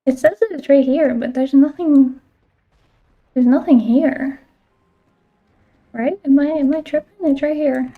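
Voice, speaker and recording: A woman's voice: sits high, measured pace, long pauses, phone-quality sound. A woman streaming a game and chatting casually, filling her talk with "like" and the odd swear word. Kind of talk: casual chat while playing a game.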